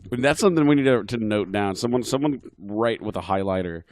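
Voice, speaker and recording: Man, podcast co-host, laid-back halting chat, low voice, dry. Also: expressive, a little mellow, dry recording. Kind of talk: casual chat.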